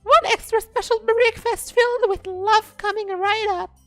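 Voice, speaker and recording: A man voicing a clingy, sweet female kraken monster girl in an eager, doting falsetto while reading a game's dialogue. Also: fairly even intonation, a little slow, sharp tone, faint music behind, exaggerated voice. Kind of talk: reading game dialogue aloud.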